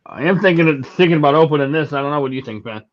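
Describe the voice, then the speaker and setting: Male guest, slightly high pitch, muffled lo-fi call audio, easygoing. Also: very fast. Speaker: guest on a whiskey stream. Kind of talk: casual chat on a live stream.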